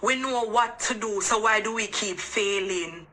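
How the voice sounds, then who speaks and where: A woman's voice: medium pitch, measured pace, bright, forceful tone, poor audio. Earnest Jamaican woman giving advice. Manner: earnest, emphatic, questioning the listener. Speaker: relationship advice vlogger. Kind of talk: direct-to-camera advice monologue.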